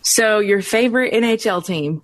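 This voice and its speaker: A woman co-host asks her questions haltingly, giggling between them. Her voice sits at a middle pitch with no regional accent. The sound is dry and close, with no room around it. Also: dry recording. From Alabama. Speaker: podcast co-host. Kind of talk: casual podcast interview.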